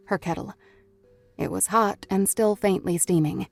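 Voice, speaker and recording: Low-voiced woman reading a novel. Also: moderate pace, gravelly, no room sound, soft background music. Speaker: audiobook narrator. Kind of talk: scripted narration.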